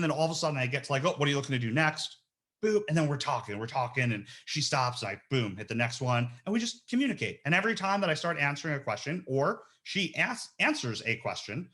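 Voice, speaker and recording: A man running a casual webinar demo as a recruiter, talking in an energetic, slangy, animated way. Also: a little high. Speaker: recruiter giving a software training.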